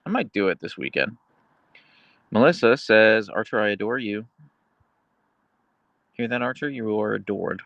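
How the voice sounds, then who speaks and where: A man hosting a casual livestream, reading viewer comments aloud and chatting about his dogs, slipping into a high cooing voice for his pet. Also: animated, moderate pace, gravelly, pauses often, fairly bright tone, no room sound, muffled recording. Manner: goes high and cooing when talking to his dog. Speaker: livestream host.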